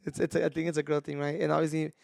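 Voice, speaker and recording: Man, young adult, gravelly, slightly high voice, casual podcast chat, laid-back. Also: little pitch movement, rapid-fire, a little mellow, dry recording, clean studio sound. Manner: laid-back, peppers talk with "bro" and "dude". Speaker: podcast co-host.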